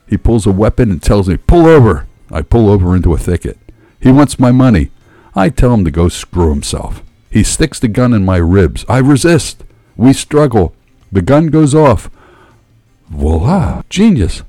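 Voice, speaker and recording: A man tells a first-person tale with dramatic, profane flair. His low, mellow voice swings widely in pitch, and the sound is dry and close. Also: moderate pace, no echo, soft background music. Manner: animated, profane, dramatic storytelling. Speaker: storyteller. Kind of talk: first-person story narration.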